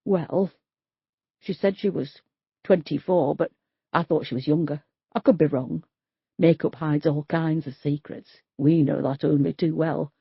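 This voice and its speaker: A woman's voice: low voice, fairly even intonation, a little slow, creaky, breathy edge, dry recording, highs cut off, voice pushed down, full character voice. A woman voicing a blunt, gossipy middle-aged street worker, in an audiobook. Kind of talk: audiobook character voice.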